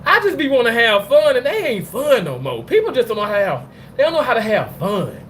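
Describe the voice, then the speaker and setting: A man's voice: extremely high pitch, fairly quick, a little hiss or hum. A man hosting a casual livestream chat, cursing freely, laughing often and talking back to comments from viewers. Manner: animated, profane, laughs often. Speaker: livestream host.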